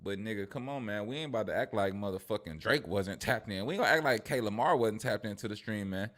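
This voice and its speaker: A man's voice: lowish voice, lively intonation, fast talker, hardly any pauses, fairly bright tone. A man doing casual reaction commentary on hip hop gossip, ranting in profane slang and laughing often. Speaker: streamer and commentator.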